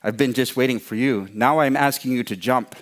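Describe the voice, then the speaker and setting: A man's voice: medium pitch, fairly quick, close to an everyday voice. A man voicing a patient, wise male frog guiding the hero in a spoken folk tale.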